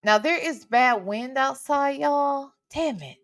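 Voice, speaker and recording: A woman's voice: high-pitched, slow, fairly bright tone, dry recording, clean studio sound. A woman hosting a casual livestream from home, chatting with her viewers and swearing casually into a desk microphone. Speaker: reaction channel host.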